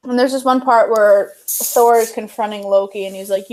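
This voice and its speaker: This young woman co-hosts a livestream, chatting casually while editing video and munching on cookies. Her voice sits a little high with fairly even intonation, normal speed and few pauses, and she's a bubbly storyteller who laughs often and acts out quoted lines.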